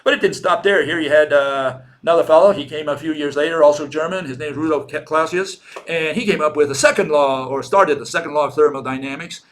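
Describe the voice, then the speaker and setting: A man's voice: fairly high pitch, fast talker, hardly any pauses. Sardonic man lecturing with a Spanish accent. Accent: Latin American Spanish. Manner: sardonic, argumentative, rhetorical questions; acts out quoted people in a mocking voice. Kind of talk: informal lecture.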